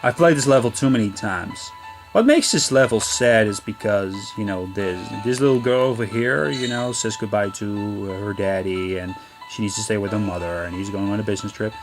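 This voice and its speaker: A man's voice: on the low side, brisk. Chatty man over game music. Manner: chatty, rambling, with frequent apologies and restarts. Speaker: gaming channel host. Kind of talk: casual let's-play commentary. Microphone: camera mic filming a handheld console screen. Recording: game music playing behind the voice.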